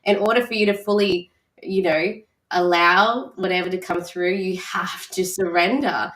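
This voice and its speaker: A woman's voice: lowish voice, moderate pace, fairly bright tone, roomy sound, rough recording. A woman hosting a podcast, speaking in a reflective, thoughtful way. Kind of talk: podcast conversation.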